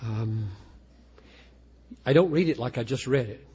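Pastor guy talking about his poems, kinda husky, earnest, lots of restarts, big echoey church hall. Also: medium pitch, measured pace, mellow. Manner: earnest, self-deprecating, with frequent restarts. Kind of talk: informal talk about writing poetry. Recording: long reverb of a large hall.

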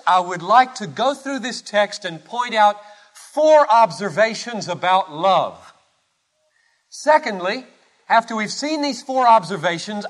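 A male pastor preaching a sermon, impassioned and rhetorical, swinging from loud declarations to hushed lines. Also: high-pitched.

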